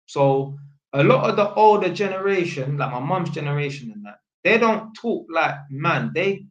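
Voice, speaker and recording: A man's voice: on the high side, very animated, normal speed. A young man with a London accent tells a story in casual street slang, ending almost every line with "innit". He acts out the voices of people he quotes as he goes. The recording sounds roomy and a little muffled. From England. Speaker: vlogger.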